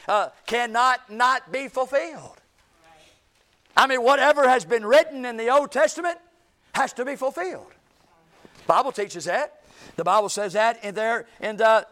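A man preaching a sermon, shouting key points and dropping low at the ends of phrases. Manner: folksy, emphatic preaching with sudden shouts and drops to low trailing endings.

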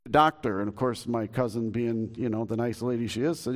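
Folksy joking pastor preaching. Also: male voice, mid-range voice, steady tone, a little fast, few pauses. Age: 50s. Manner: folksy, joking storyteller with many restarts. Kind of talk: sermon. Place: church sanctuary.

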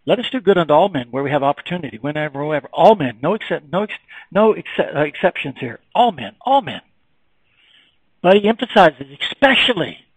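High-voiced emphatic male preacher, dry sound. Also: sing-song, a little fast, slightly rough, no room sound, low-quality recording. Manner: emphatic, repeats key phrases, swings from quiet to raised. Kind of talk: sermon.

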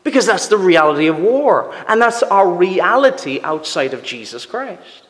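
A man's voice: high voice, sing-song, moderate pace, a bit bright. Earnest male preacher in a reverberant church. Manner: earnest, emphatic, with rhetorical questions. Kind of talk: sermon.

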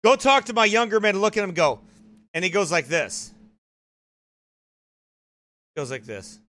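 A man's voice: high voice, sing-song, unhurried, bright, forceful tone. A male pastor giving emphatic, mocking commentary on a livestreamed sermon.

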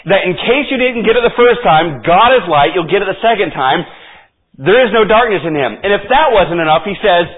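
A man's voice: sits high, expressive, a little fast. A man preaching a sermon as pastor, emphatic and repeating key phrases for stress. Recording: tinny phone-like audio.

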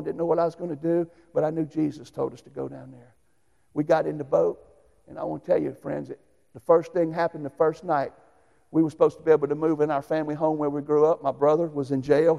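Gravelly-voiced preacher. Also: male voice, a little high, in a large hall. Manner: folksy storytelling with shouted bursts. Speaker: pastor. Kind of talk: sermon testimony.

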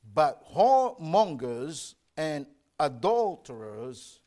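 A male preacher delivers a sermon in an earnest, emphatic way, pausing over his scripture readings. His voice sits a little high, and his pitch rises and falls a great deal. He takes his time, with an unhurried pace. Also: sing-song. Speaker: pastor.

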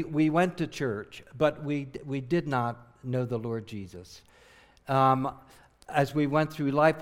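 Earnest missionary preacher from southern New Jersey. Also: male voice, fairly high pitch, smooth. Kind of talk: sermon.

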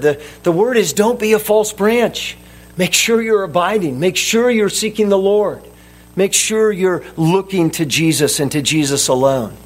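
A man preaching with a high voice and a slow, measured delivery. He sounds earnest and emphatic, and he drives his points home by repeating them. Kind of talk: sermon.

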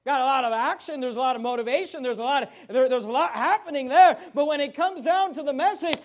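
A man preaching a sermon as pastor, emphatic, swelling louder at key points and repeating words for stress. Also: very high-pitched, quick pace, slight background noise.

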